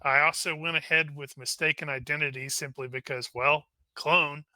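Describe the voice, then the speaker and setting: A man's voice: a little high, steady tone, moderate pace, sharp tone, no echo. A man, a player in a tabletop game, chatting casually and jokingly while describing his character. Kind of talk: casual tabletop session chat.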